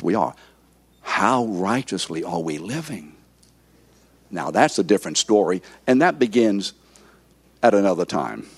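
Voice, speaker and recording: An older man in his seventies preaches a sermon in a husky voice that swoops up and down. He keeps firing questions at his listeners and waiting for their answers. The sound is dry and close. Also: on the low side, no echo. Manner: quizzes the congregation with questions. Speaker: pastor. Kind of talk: interactive sermon.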